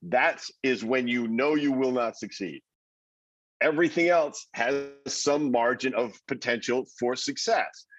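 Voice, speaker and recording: A man with a husky voice talks through his advice as an interview guest, animated and quick to act out the reactions of strangers. The sound is dry and a little dull, as if from a modest lo-fi setup. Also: mid-range voice, dry recording. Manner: animated, acts out quoted reactions, repeats words. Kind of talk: conversational advice.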